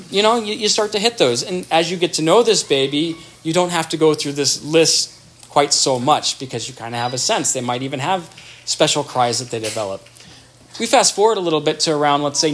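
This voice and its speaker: A man's voice: a little high, animated, normal speed, fairly bright tone, a little hiss or hum. A man giving an explanatory talk on child development, thoughtful, with restarts and everyday examples.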